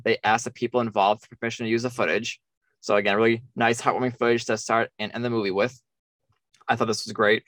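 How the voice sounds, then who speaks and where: A man's voice: medium pitch, a bit bright, dry recording. An American man co-hosting a casual film discussion, laughing often as he reads trivia aloud. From United States. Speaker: podcast co-host.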